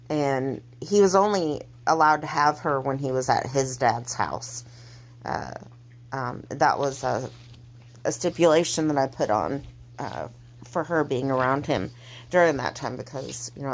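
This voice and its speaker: Low, gravelly-voiced woman speaking haltingly. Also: animated. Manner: halting, hesitant, soft-spoken delivery. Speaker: mother telling her family's story. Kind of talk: casual personal storytelling.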